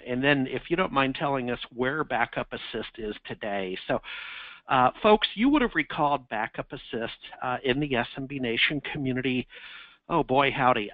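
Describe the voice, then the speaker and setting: A man's voice: mid-range voice, no room sound, narrow, tinny audio. A man hosting a live webinar, talking in an enthusiastic, rambling, folksy way. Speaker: webinar host.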